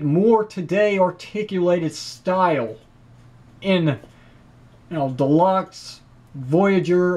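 A man with a high-pitched voice talks through a product review in a casual, chatty way. He is opinionated and enthusiastic, with frequent praise. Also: darkish tone. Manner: chatty and opinionated, with fillers like "you know". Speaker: toy reviewer.

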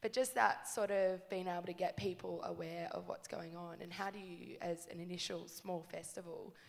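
Gravelly woman asking from the floor. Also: fairly low pitch, steady tone, moderate pace, big-room sound. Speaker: audience member asking a question. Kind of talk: question from the floor.

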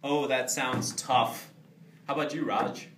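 A man's voice: medium pitch, steady tone, measured pace, lightly acted. Young man playing a blunt, rude boss. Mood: businesslike. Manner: dry and dismissive, turning insulting. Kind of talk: amateur comedy sketch acting. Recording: roomy, distant, faint background noise.

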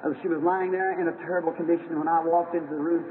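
A man's voice: on the high side, flat delivery, racing. A man preaching an old-time revival sermon, telling stories in an earnest, folksy way. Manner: earnest, folksy storytelling with acted-out quotes. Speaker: evangelist preacher. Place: church hall. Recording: tinny, hissy old archival recording in a hall.

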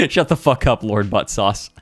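An American man chatting casually on a livestream, playful and quick to laugh. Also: mid-range voice, husky, no echo. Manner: laughs a lot, playful, lively. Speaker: streamer.

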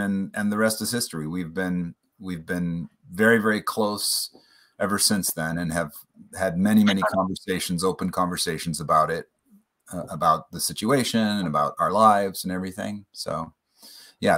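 A man guest on an interview podcast, telling a personal family story in an earnest, reflective way that slows on emotional points. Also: sits low, fairly even intonation, a bit bright. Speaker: podcast guest, playwright and author.

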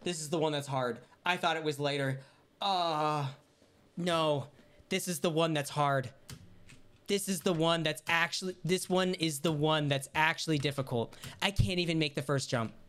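Low-voiced woman swearing through a game. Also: normal speed. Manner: swears and yells when frustrated; talks to herself while playing. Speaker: gaming streamer. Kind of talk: casual gameplay commentary.

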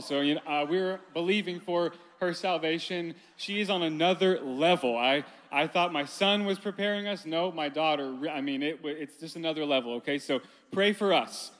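A man's voice: on the high side, a bit bright. A man in his thirties preaching at a conference, telling a family story with humor and speaking directly to the audience. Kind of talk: sermon with personal story. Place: large conference hall. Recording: long hall reverb.

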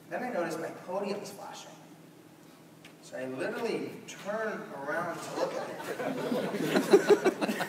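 Young male keynote speaker, high lively voice, echoey far-off hall sound. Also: heavy background noise. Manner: animated, acts out quotes. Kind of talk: storytelling keynote. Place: large conference hall.

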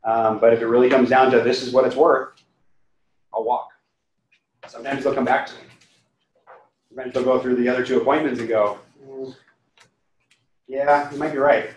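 A man's voice: medium pitch, fairly even intonation, normal speed, pauses often. A man who is a real estate agent, giving a casual training talk and acting out both sides of client conversations. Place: training room. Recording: echoey room.

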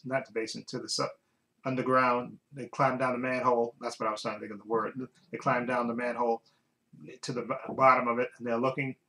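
A man's voice: mid-range voice, fairly bright tone, poor audio. Rambling man recapping a TV episode. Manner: rambling, searches for words with many restarts. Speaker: TV episode reviewer. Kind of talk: casual spoken episode recap.

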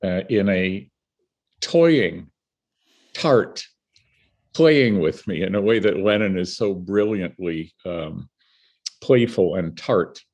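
Here the older Canadian filmmaker talks slowly in a low-pitched voice, pausing often. He's an animated storyteller in a conversational interview, playing out the people he quotes as he goes.

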